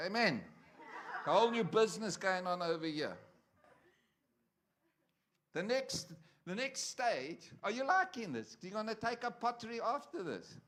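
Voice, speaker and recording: Brief: male preacher, high-pitched voice, chatty sermon delivery that jokes with the congregation. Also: sing-song, moderate pace, long pauses, a bit bright. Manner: conversational, joking with the congregation. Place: church.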